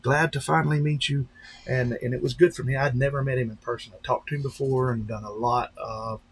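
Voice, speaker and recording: A man hosting a casual live stream, rambling along with many fillers and restarts and slipping into lively voices when he retells a story. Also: medium pitch, fast talker, slight background noise, low-quality recording. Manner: breaks into animated voices when retelling stories. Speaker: channel host on a live stream.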